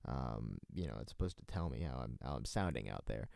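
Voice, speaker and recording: A man's voice: extremely low pitch, animated, fairly quick, creaky, darkish tone, no echo. A young man from North Carolina hosting his own amateur radio show, rambling and self-mocking with many fillers and restarts. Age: late teens. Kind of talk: rambling solo radio talk. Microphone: headphones and desk mic.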